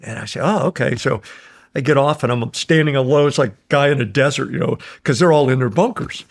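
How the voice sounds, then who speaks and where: Gravelly older man telling war stories. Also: medium pitch, fairly quick. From United States. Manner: rambling, chuckling, acts out quoted voices. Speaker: guest, war veteran. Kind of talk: casual storytelling.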